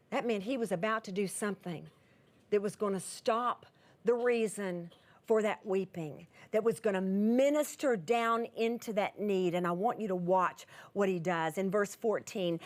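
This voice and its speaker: A high-pitched middle-aged woman preaching from scripture. She speaks earnestly and emphatically, stressing key words and checking in with her audience. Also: animated, measured pace, fairly bright tone. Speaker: Bible teacher. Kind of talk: sermon.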